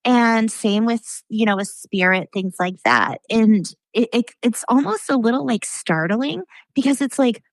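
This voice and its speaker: A woman's voice: medium pitch, normal speed, few pauses, no echo, poor audio. A woman guest on a podcast in casual chat, talking in an earnest, thoughtful way with a lot of "like". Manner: earnest, thoughtful, many fillers like "like".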